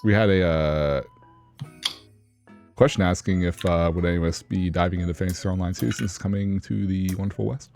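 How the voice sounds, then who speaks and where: A man's voice: low voice, steady tone, brisk, gravelly, a little mellow, faint music behind. A man co-hosting a casual gaming chat who reads out viewer questions and often laughs. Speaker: podcast co-host.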